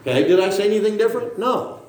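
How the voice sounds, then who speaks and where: A man's voice: high-pitched, expressive, fast talker, a little mellow. Emphatic middle-aged male preacher, echoey room. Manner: emphatic, rhetorical questions, frequent "okay?" tags. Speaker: pastor. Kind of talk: sermon.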